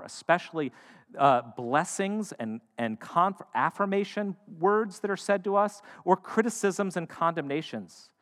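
A man preaching a sermon, shifting between loud emphatic lines and hushed, quiet ones. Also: medium pitch. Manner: dynamic, swings from loud to hushed. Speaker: pastor. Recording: long hall reverb.

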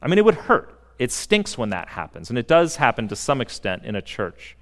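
A pastor giving a sermon in a church, earnest and emphatic, with dramatic pauses. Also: male voice, medium pitch, sing-song, fairly bright tone, big-room sound. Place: church sanctuary.

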